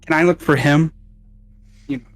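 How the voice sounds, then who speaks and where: A man's voice: a little high, steady tone, moderate pace, no echo, soft background music. A man playing in a tabletop game, joking dryly and rambling. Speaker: player.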